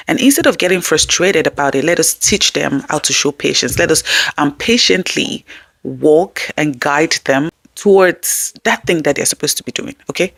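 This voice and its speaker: A woman's voice: low voice, no room sound. A woman hosting a parenting channel, giving conversational tips to camera in an earnest way and often checking in with her listeners.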